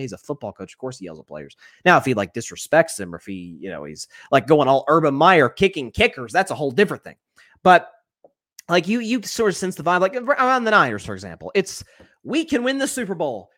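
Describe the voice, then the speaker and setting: A male sports talk host gives live commentary in an animated voice that sits a little high for a man. He keeps restarting and repeating words as he works out his thoughts, and he reads viewer comments aloud.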